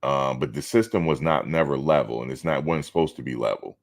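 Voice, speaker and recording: A man's voice: very deep voice, expressive, brisk. A man hosting a live stream, talking casually and bluntly, outspoken and swearing freely.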